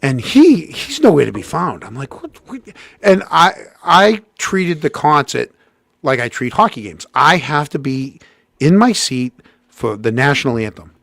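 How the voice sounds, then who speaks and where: A man's voice: measured pace, creaky, no room sound. A middle-aged man, co-hosting a casual show and telling a story animatedly, acting out what people said. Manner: animated, acts out quotes with jumps in pitch. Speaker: co-host.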